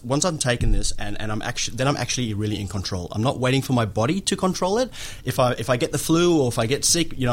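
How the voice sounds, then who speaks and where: A young man talking earnestly in casual conversation, thinking aloud. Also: medium pitch. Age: young adult. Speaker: guest, community organiser.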